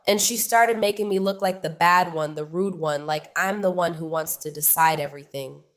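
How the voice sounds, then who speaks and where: A woman casually telling a personal story to her viewers, chatty and animated, often turning to address them directly. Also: fairly low pitch, normal speed.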